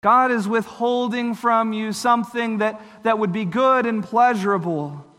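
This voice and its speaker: A man delivers a sermon in a high, bright voice. He speaks slowly and earnestly, explaining each point step by step. The sound carries a long hall reverb. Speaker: preacher.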